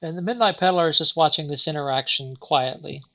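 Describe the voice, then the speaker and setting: A woman's voice: sits low, a little fast, muffled recording. A woman running a tabletop game as game master, narrating in a chatty way with many restarts. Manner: chatty, with frequent restarts and laughs.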